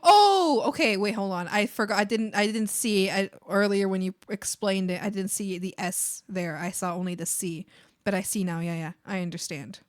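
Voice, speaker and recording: A woman streaming live, chatting casually with her viewers while she draws. She talks in a rambling way, full of fillers, self-deprecating and quick to get excited. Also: mid-range voice. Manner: excitable, bursts into giggles.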